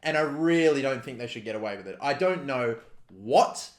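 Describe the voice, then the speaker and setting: A man's voice: medium pitch, expressive, moderate pace. Angry Australian man ranting, roomy echo. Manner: furious, profane, heated ranting. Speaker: football fan vlogger. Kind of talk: angry rant to camera.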